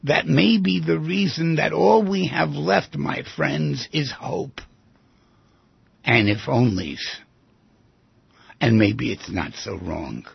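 A man's voice: a little high, animated, takes it slowly, creaky, long pauses, breathy edge, no echo. An older man hosting a reflective talk radio monologue, acting out dialogues with patients. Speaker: radio show host. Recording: dull lo-fi broadcast recording.

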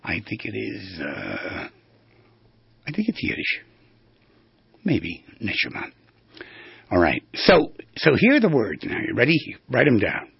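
A male radio host with a gravelly, deeply husky voice explains how to speak with feeling. He talks in a lively, meandering way, stopping and restarting as he shows off different tones. The sound is dry and a little dull, like an old lo-fi broadcast. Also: measured pace, long pauses, no echo. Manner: animated, demonstrates vocal tones, rambling with restarts. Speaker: radio talk show host. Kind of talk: instructive radio talk.

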